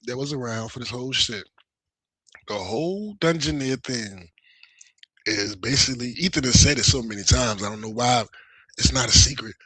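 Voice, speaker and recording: Bright, husky man in slangy chat. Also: mid-range voice, moderate pace, no room sound. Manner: animated, slangy, profane. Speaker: livestream guest. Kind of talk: casual chat.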